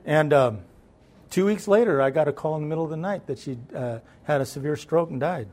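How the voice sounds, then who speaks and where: A man telling a personal story as a guest, animated and conversational, acting out the voices in it. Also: on the high side, a little fast. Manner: conversational, with repeated fillers and restarts.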